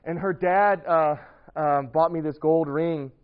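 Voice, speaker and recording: A man preaching to a congregation, spinning a personal story in a lively, rambling way, full of fillers and quick laughs. His voice swings up and down a lot as he tells it. The recording sounds a bit dull and lo-fi. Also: fairly high pitch.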